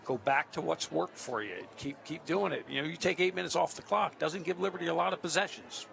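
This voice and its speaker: A man giving color commentary at a high school football game, agreeing with his partner and offering coaching insight. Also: fairly quick, creaky, fairly bright tone, slight background noise. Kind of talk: live sports commentary. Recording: music behind. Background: music.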